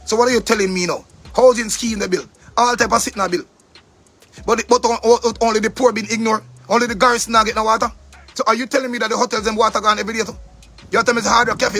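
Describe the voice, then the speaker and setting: A man's voice: sits high, fairly even intonation, very fast, sharp tone, husky, soft background music. A man with a Jamaican accent delivering an angry, profane monologue rant, repeating himself for emphasis. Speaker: commentator.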